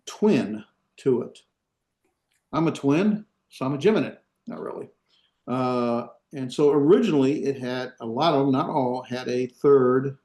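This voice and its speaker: A man's voice: medium pitch, a little mellow. A man teaching a language class, explaining step by step with many fillers and checking whether his students follow. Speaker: Hebrew instructor. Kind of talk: classroom lecture. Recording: echoey room.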